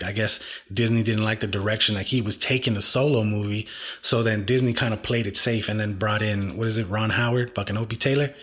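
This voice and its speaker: A man's voice: lowish voice, a bit bright. A man with an American accent co-hosting a casual podcast, rambling in a laid-back way with lots of filler words. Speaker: podcast co-host. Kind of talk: casual chat.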